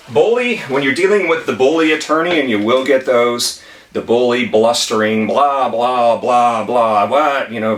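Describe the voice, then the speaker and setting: A man's voice: mid-range voice, fairly bright tone, a little hiss or hum. Man teaching from a distance in an echoey room. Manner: emphatic, conversational, repeats key phrases. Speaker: attorney teaching legal tips. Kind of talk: whiteboard lesson. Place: room with whiteboard. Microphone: camera mic at a distance.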